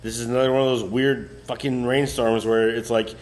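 A man's voice: medium pitch, flat delivery, fairly quick. A young man co-hosting a podcast in casual, rambling chat, laughing often. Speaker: podcast co-host.

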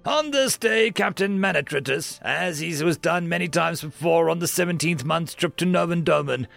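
A man with a high-pitched, gravelly voice reads a science fiction story at a steady, measured pace. Faint music plays softly underneath his narration. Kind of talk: scripted sci-fi story narration.

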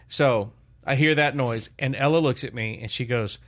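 An older man in casual chat, telling a lively family story as podcast host. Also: mid-range voice, normal speed. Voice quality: animated storyteller, loud put-on shouts in quotes.

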